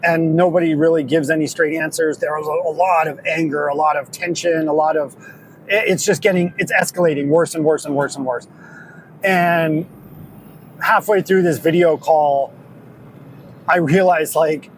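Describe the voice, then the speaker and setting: Recorded in his truck on a drive, with vehicle ambience in the background and poor audio, this podcast host speaks in a voice on the high side, with fairly even intonation and a moderate pace. The discipleship school leader offers a casual, reflective monologue, telling a story earnestly and restarting often as he rambles.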